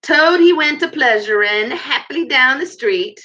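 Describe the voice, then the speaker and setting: A woman's voice: sits high, lively intonation, measured pace, bright, forceful tone, pitched above the performer's own voice, heavily acted. A woman voicing a pompous, boastful male chief weasel who makes grand speeches, in a muffled recording. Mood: squeaky singing.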